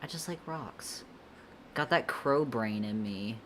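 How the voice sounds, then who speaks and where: Young woman artist streamer, very deep voice, slow easy delivery, giggly and rambling. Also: animated, slight background noise. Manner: laid-back, rambling, giggly, slangy. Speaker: artist streamer answering chat. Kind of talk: casual livestream chat while drawing.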